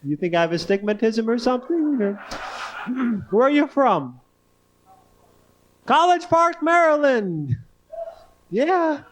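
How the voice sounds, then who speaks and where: A man in his thirties doing live stand-up on a club stage, talking in a swooping voice with odd pauses and sudden squeaks. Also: sing-song. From northern United States. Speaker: stand-up comedian.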